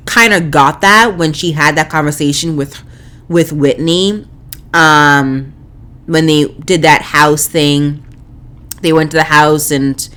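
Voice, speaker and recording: Woman, low pitch, podcast host, casual opinionated commentary, chatty, fillers and restarts. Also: fairly bright tone. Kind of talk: casual commentary on a reality show.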